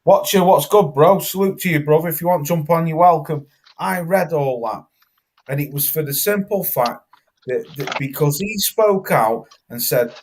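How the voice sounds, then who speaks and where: A man's voice: a little high, normal speed. A man hosting a live boxing talk stream, emphatic and swearing, repeating words for stress. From Britain. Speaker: host.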